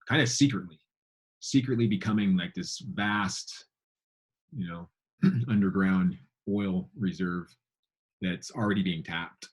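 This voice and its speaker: A man's voice: deep voice, breathy edge. A man in a casual group call, reflecting aloud and often saying 'I think'. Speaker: call participant.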